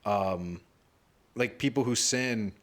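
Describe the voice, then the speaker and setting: Rambling male comedian on a podcast. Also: slow. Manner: rambling, filler-heavy, acts out quotes with rising pitch. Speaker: podcast co-host and stand-up comedian. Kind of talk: casual podcast chat.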